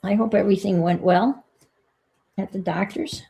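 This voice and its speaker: A woman's voice: medium pitch, moderate pace, vocal fry, background noise. A woman chatting casually on her vlog, telling an exasperated story and thinking aloud as she works on a craft. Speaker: vlogger. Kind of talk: casual chat while crafting.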